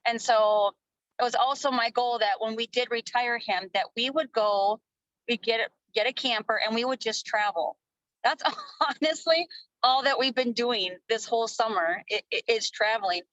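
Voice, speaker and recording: A woman from Minnesota gives an upbeat, casual pep talk to her sales team, swearing now and then. Her voice sits a little high and comes across bright and forceful. The recording is dry and close, with no room echo. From Minnesota, USA. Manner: energetic, casual, swears freely. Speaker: network marketing team leader. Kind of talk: motivational training talk.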